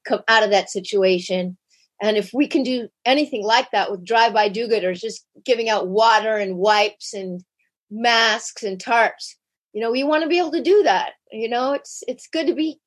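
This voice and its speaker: Woman, fairly high voice, animated storyteller, interview guest. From United States. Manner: animated, shifts pitch sharply when acting out quotes. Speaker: podcast guest.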